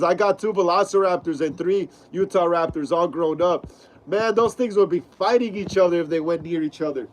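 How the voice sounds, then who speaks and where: Young guy on a live stream, kinda high voice, chill slangy chat reading comments. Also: slight background noise, poor audio. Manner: laid-back slangy talk, many fillers.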